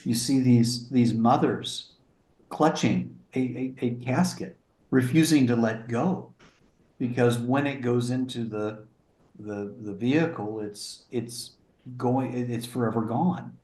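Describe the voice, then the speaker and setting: A man in his sixties, speaking as an interview guest over a video call in an earnest, sober, halting way. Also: medium pitch, dark tone, echoey room. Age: 60s. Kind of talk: interview conversation. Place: remote room in a small town.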